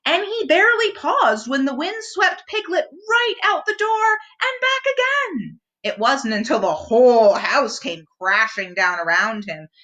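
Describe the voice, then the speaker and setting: A woman librarian reading a picture book aloud to children, with expressive storytelling. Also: sits high, unhurried, hardly any pauses.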